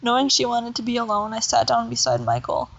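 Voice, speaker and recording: A woman reading a children's novel aloud in a steady, plain way with small slips. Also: on the high side, brisk, vocal fry, muffled recording. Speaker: reader.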